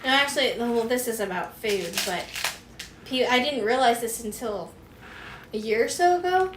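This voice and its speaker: A woman co-hosts a crafting show, telling chatty stories and quoting people with lively energy. Her voice is a little high. The recording is roomy and echoey, with faint hiss. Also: normal speed. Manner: chatty, quotes others in an animated way. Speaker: co-host. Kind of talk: casual chat while crafting. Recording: echoey room with faint noise.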